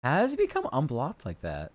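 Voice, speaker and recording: A man's voice: mid-range voice, huge pitch swings, a little fast, dry recording. A man streaming, chatting casually and rambling loosely, with the odd swear word. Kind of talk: casual live-stream chat.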